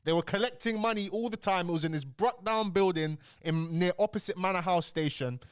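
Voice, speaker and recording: A young man with a London accent talks straight into a close, dry mic, his voice sitting a little high. He comments casually and bluntly, heated and full of slang. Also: a little fast, smooth, dry recording. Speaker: commentary channel host.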